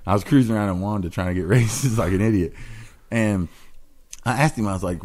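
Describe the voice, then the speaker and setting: Male podcast co-host, casual car-shop chat, profane and laughing, animated pitch. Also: fast talker. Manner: profane, laughs often, retells stories with quoted voices.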